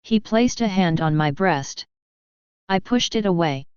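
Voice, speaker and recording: Slow, clear woman reading a novel. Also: lowish voice, lively intonation, darkish tone, no room sound. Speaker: audiobook narrator. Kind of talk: first-person novel reading. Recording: slightly dull, dry close recording.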